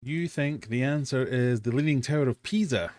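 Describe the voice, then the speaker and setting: A man's voice: medium pitch, moderate pace, a little mellow, no echo. A British man hosting a live-stream quiz from his fish room, reading out questions and chatting with self-mocking dad jokes.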